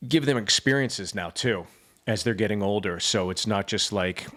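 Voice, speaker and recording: A man's voice: lowish voice, normal speed, a bit bright. A man co-hosting a podcast, talking in an easygoing, reflective way. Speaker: podcast co-host. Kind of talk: casual podcast chat.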